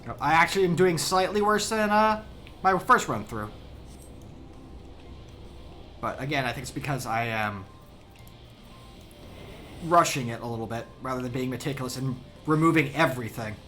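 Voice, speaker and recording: A man's voice: medium pitch, a little fast, bright, forceful tone, soft background music. A man streaming a game, giving chatty, self-deprecating live commentary and laughing at his mistakes.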